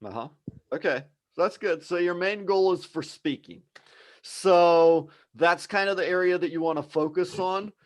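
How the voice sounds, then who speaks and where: A man's voice: high voice, moderate pace, low-quality recording. A man hosting a live online English class, explaining things in an encouraging, conversational way.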